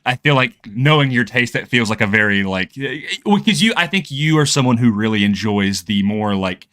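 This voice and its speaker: A man with a bright, forceful voice recaps a novel for his book-club stream. He rambles and restarts, pitch level in the middle. He sounds animated and excited about the story. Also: normal speed. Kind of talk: casual podcast chat.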